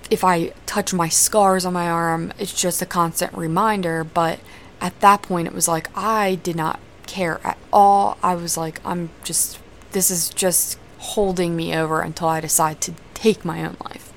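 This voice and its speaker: A young woman with a fairly low voice tells her own story in an open, unguarded way. She talks conversationally and swears without hesitation. A faint hiss of noise sits beneath her voice. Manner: candid, swears freely, conversational. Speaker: podcast host. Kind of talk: personal storytelling.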